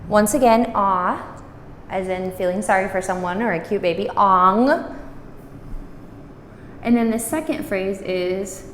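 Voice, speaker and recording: A woman teaching a language lesson, patiently saying words slowly and repeating them for practice. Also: mid-range voice, fairly even intonation, a little hiss or hum. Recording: roomy echo, distant mic.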